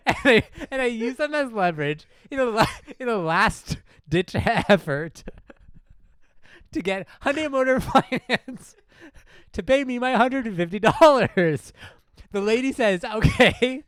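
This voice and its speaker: A man hosting a podcast, telling a comedic story in a casual, animated way and laughing often. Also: sits high, smooth, no echo, clean studio sound. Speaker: podcast host.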